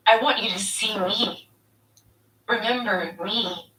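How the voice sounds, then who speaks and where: A woman's voice: mid-range voice, slow pace, sharp tone, reverberant, recorded from a distance, a little hiss or hum, rough recording. An actress in a TV drama playing an earnest woman who urgently pleads with her fellow survivor. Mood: pleading. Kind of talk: TV drama dialogue. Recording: TV audio heard from across a room.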